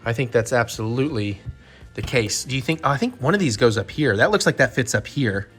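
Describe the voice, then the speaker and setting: A man hosting a home vlog, joking and thinking out loud while he puts a toy together. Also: medium pitch, expressive, brisk, faint music behind. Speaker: vlog host. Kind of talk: casual chat while assembling a toy set.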